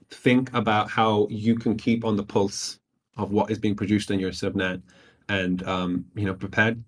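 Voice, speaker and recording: Low-voiced man musing on a call. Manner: thoughtful, many fillers and restarts. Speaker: subnet developer. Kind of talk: casual chat on a voice call.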